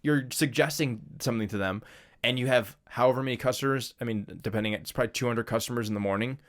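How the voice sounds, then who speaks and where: Here a podcast co-host chats casually, spinning easygoing stories full of filler words and breaking into laughter often. He talks quickly in a medium-pitched voice with a slightly bright edge.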